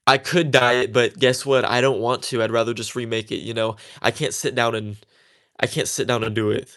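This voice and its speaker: A man's voice: mid-range voice, flat delivery, brisk, a bit bright. Chatty young man, casual and defiant. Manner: chatty and defiant, with many fillers. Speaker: tatting creator. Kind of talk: casual talk while crafting.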